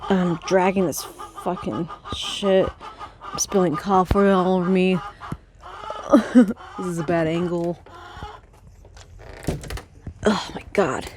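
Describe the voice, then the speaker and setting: A woman hosting a book club podcast in a rambling, excitable, casual chat, swearing freely, outdoors by a chicken coop and filmed on a handheld phone. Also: on the low side, takes it slowly, pauses often, noisy background. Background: chickens clucking.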